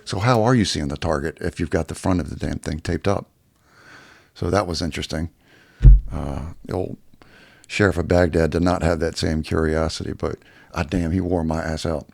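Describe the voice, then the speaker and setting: Deep gravelly man telling a blunt story. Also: steady tone, normal speed, a little mellow, no echo. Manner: profane, blunt, rambling. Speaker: YouTuber. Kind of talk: casual storytelling vlog.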